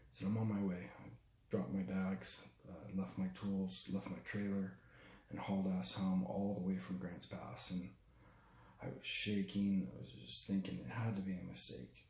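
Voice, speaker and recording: A young man telling a personal story in a halting, raw way, full of restarts and swearing. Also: low-pitched, creaky, a little mellow, reverberant. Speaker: storyteller recounting his father's death. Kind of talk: personal spoken testimony.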